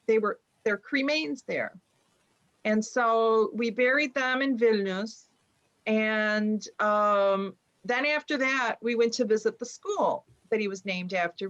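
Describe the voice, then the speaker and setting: A woman's voice: mid-range voice, fairly bright tone. A middle-aged woman from the United States, an author and journalist, tells a personal story in conversation at home over a video call. She uses many fillers and acts out the people she quotes. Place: home room with bookshelves behind her. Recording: dull lo-fi sound.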